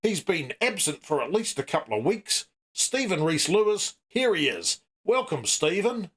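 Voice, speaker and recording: A man's voice: high-pitched, big pitch swings, normal speed, a bit bright, husky. A man hosting a comedy sketch as a mock-serious interviewer with a dry delivery. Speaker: parody interviewer host.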